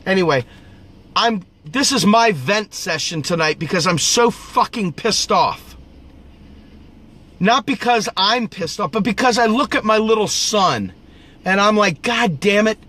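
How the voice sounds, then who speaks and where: Here a political video host delivers a profane, preachy vent session, hammering phrases through repetition and coughing now and then. His high voice is animated, pushed, and bright, yet his pace stays measured.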